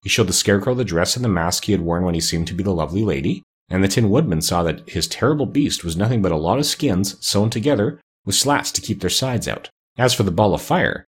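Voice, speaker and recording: Narrator: husky man, low voice, lively storybook reading. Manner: expressive, measured reading.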